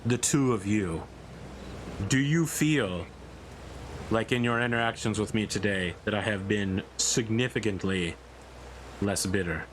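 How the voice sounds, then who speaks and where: A man playing a farming game roleplay, talking in a dry, deadpan way and pushing for a deeper tone. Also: unhurried, long pauses. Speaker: roleplay player. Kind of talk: casual gaming chat. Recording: steady background noise.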